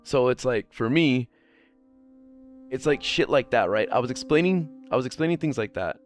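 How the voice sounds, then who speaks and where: A man's voice: medium pitch, animated, normal speed, soft background music. A man streaming a casual chat, rambling and swearing freely, laughing often.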